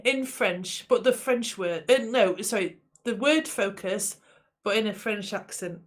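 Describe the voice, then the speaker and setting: A woman's voice: mid-range voice, lively intonation, a little slow. A woman co-hosting a casual podcast chat, teasing and laughing often. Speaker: podcast co-host.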